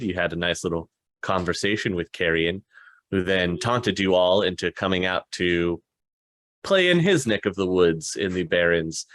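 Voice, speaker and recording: A deep-voiced man narrates as game master of a tabletop role-playing game, relaxed and unhurried, with frequent fillers. There's no room sound.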